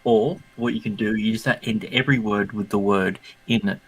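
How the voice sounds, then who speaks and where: A man in casual voice chat on a live stream, making wry deadpan jokes. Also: lowish voice, normal speed, slightly rough.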